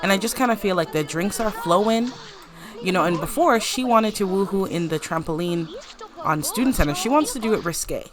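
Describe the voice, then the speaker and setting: A young woman casually commentating a life-sim game, chatty and giggly, voicing the characters' lines in quick playful asides. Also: mid-range voice, animated, a crowd in the background. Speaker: gameplay commentator. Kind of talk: casual let's-play commentary.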